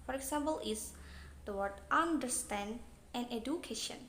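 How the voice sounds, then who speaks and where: A woman's voice: on the high side, animated, moderate pace, a bit bright. A young woman with an Indonesian accent reads out an English pronunciation lesson in a plain explaining manner. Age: young adult. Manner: plain, read-aloud explaining. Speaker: student presenter. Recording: echoey room, faint noise.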